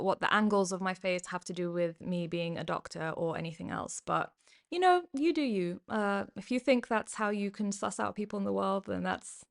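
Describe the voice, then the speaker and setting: A young British woman casually reacting to comments on her vlog, chatty and often laughing. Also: medium pitch. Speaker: YouTuber and former doctor.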